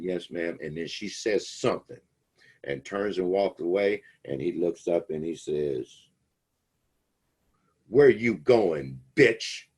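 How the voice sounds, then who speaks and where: Man, very low husky voice, casual lecture, rambling storyteller, acts out quotes. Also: darkish tone. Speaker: instructor. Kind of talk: casual lecture retelling a film plot.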